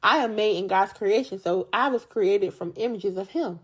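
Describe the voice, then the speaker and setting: A woman's voice: medium pitch, normal speed, husky. A woman hosting a Bible study podcast, preaching in a casual, chatty way with slangy speech and a joking manner. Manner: animated, jokey and chatty, often laughing.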